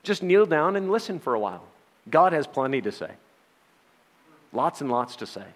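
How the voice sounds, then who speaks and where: A man's voice: on the high side, sing-song, normal speed, long reverb tail. A middle-aged man giving a Bible study sermon, talking in a conversational way with rhetorical questions and wry sarcastic asides. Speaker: Bible teacher.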